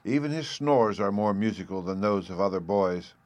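A man's voice: lowish voice, animated, moderate pace, dry recording, lightly acted. A man voicing an imperious, huge noblewoman who speaks harshly and overbearingly. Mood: lofty. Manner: loud and overbearing.

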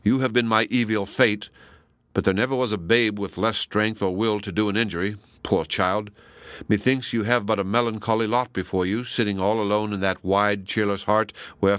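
A man reading the lines of a proud, queenly woman, bitter and scornful, in a measured, stately way. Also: fairly low pitch, fairly bright tone, smooth, dry recording, lightly acted.

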